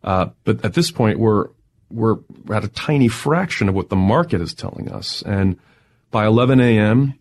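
A man with a fairly low voice recounting a wild day in a lively interview, talking with building excitement and breaking into laughter along the way. His tone stays energetic and storytelling. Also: moderate pace. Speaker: tech entrepreneur guest.

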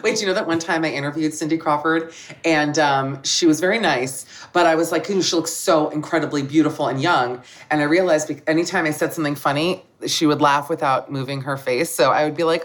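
A woman guest on a comedy podcast, telling stories in an animated, joking way and laughing often. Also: low-pitched, fairly quick. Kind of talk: casual comedic chat.

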